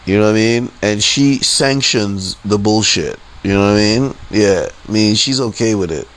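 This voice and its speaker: A man's voice: lowish voice, normal speed, fairly bright tone, rough recording. A man telling a frustrating story in a heated, profane, repetitive rant on his podcast. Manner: heated, profane, repeats himself a lot. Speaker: podcast host.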